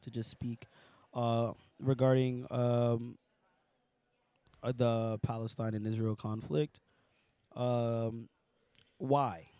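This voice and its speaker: A man's voice: mid-range voice, level tone, slow pace, warm tone, clear, resonant tone, dry recording. Young man hosting a campus podcast. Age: young adult. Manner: chatty, hesitant, repeats words. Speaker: podcast host. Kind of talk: casual campus podcast chat. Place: outdoors on a college campus.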